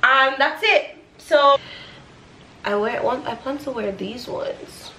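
A young woman talks straight to her phone camera in a loose, slangy travel-vlog style. Her voice sits high, and steady background noise runs under the whole recording. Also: slow pace, poor audio. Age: young adult. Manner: chatty, expressive, slangy. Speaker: vlogger. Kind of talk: casual travel vlog chat. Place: outdoors at a harbor.

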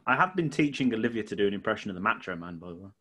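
A man's voice: on the low side, big pitch swings, rapid-fire, a bit bright, husky. A man co-hosting a podcast in casual chat, playful, laughing often and swearing. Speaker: podcast co-host.

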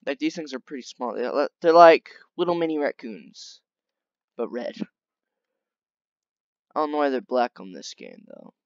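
A man giving casual, excitable gameplay commentary, chatting along and talking to the animals on screen. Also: medium pitch, measured pace, pauses often, dry recording, muffled recording. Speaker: gaming video creator.

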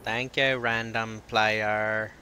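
Sarcastic gamer guy, slow delivery, bright tense tone. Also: lowish voice, level tone, slight background noise. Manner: sarcastic, joking, cussing. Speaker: gamer playing online with a friend. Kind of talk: casual gaming chat.

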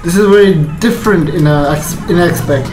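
A man giving rambling, excitable commentary over his gameplay. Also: fairly high pitch, poor audio. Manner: excitable, rambling, fast bursts. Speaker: gaming YouTuber. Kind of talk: let's play commentary.

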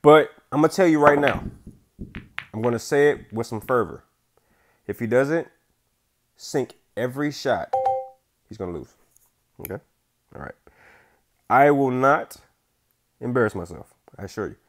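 A young man calls his own game in loose, slangy commentary, talking to the viewers like friends. His mid-pitched voice swings all over the place, dropping low while he lines up a shot and jumping up when something goes wrong. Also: a little slow, long pauses. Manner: swings from hushed focus to loud excited outbursts; casual slang, says bro and y'all. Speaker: gaming YouTuber. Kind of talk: casual gameplay commentary.

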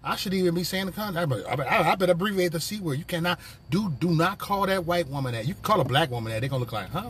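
Slight background noise surrounds a man speaking fast in a somewhat high, bright, expressive voice. He's streaming casually from his phone during a work break, vehicles sounding nearby, trading rambling, foul-mouthed banter with his viewers.

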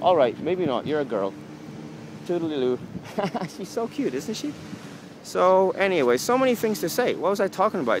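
A man, ranting to the camera in a rambling, profane, casual way while outdoors in a city. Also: mid-range voice. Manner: profane, rambling, lively delivery. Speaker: vlogger. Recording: street noise behind.

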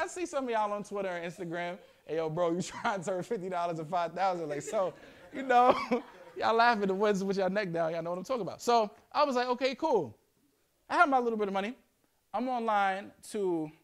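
A young man with a New York accent talks to a room of students in animated, slangy storytelling. His voice sits fairly high for a man. He keeps the tone playful and conversational. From Yonkers, New York. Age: young adult. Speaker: guest speaker. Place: school classroom.

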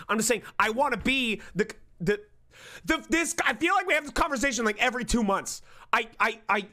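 A man's voice: sits high, bright, forceful tone. A man streaming live, ranting with emphasis and mock outrage, swearing often.

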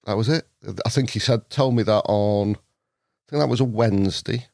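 Clean studio audio without echo captures a middle-aged North Staffordshire man, his voice on the low side and his speed normal. As a podcast guest in casual conversation, he tells stories with animation and laughs a lot.

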